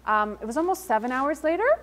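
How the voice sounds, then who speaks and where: A woman's voice: sits high, big pitch swings, fairly quick. Upbeat woman giving a motivational talk. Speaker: invited speaker at an entrepreneurship event. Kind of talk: motivational talk to a live audience. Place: event hall in front of an audience.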